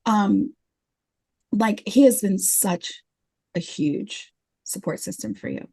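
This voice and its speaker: A woman's voice: mid-range voice, sing-song, slow pace, dark tone, slightly rough, dry recording, clean studio sound. A woman hosting a casual conversation, encouraging and upbeat, with lots of fillers. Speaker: host.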